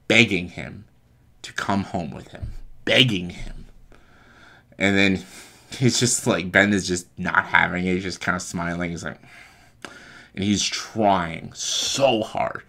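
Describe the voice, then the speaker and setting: A young man retelling a movie plot as a comedic pitch, breathless and profane, acting out lines and sound effects. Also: fairly even intonation, moderate pace, fairly bright tone.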